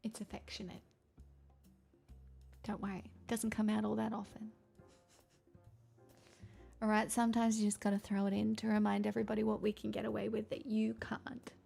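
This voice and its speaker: A woman's voice: medium pitch, completely flat delivery, brisk, vocal fry, pauses often, dark tone, soft background music. A young woman streamer chatting casually and candidly with viewers, rambling and swearing freely. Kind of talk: casual chat answering viewer questions.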